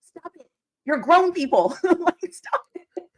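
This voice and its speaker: A woman hosting a live football recap show, talking as an excited, ranting fan who laughs often. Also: very high voice, slow pace. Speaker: podcast host. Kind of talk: live sports recap chat.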